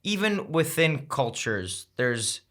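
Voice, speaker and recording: Man, mid pitch, bright tone, thoughtful, rambling, podcast guest. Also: sing-song, slow pace. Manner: thoughtful, rambling with many restarts. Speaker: guest, content creator. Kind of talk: casual conversation.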